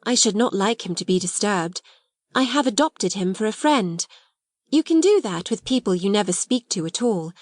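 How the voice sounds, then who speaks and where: A woman's voice: mid-range voice, animated, normal speed, no echo, clean studio sound, lightly acted. A woman reading aloud and voicing a proud, composed young schoolgirl who speaks grandly and politely. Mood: fond.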